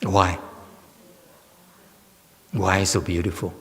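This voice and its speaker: A man, a Buddhist monk giving a slow, joking dharma lecture with many fillers and teasing asides. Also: low voice, level tone. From United States. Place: temple lecture hall. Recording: long hall reverb.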